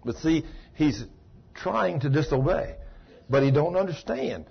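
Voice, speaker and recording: A man preaches a sermon in a folksy, plain-spoken way, retelling a story and voicing its dialogue. His voice is husky and slightly raspy. The recording is muffled and lo-fi, like an old sermon tape. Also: a little high, lively intonation, a little slow. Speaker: pastor.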